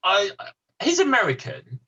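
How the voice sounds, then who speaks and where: A man co-hosting a casual podcast chat about football films, animated, laughing easily and stumbling over words. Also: high voice, measured pace, breathy edge, lo-fi sound. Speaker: podcast co-host.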